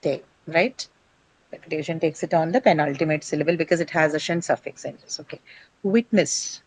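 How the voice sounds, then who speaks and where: A woman with a fairly low voice leads an English pronunciation lesson. She explains patiently, poses questions to her class and answers them herself, and often checks in with "right?". Her voice sounds dry and close, with no room echo. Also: brisk, darkish tone, slightly rough. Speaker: English teacher.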